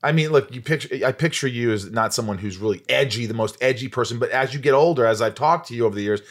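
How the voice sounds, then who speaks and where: A man's voice: medium pitch, quick pace. Man asking friendly interview questions. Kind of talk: casual interview talk.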